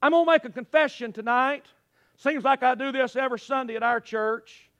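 A man, a pastor, preaching a sermon at a church service. His delivery is dramatic, swinging from loud cries to hushed, low phrases. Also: fairly even intonation, a little fast, no echo.

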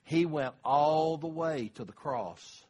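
A man's voice: a little high, slow, a little mellow, slightly rough. An older man, preaching a sermon in a folksy, conversational way. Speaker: pastor.

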